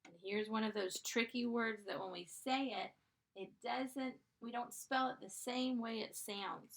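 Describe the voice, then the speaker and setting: A first-grade teacher gives a slow, clear dictation lesson, patient and encouraging, stretching out the sounds of each word. Her voice is a little high and a bit bright, and she never hurries.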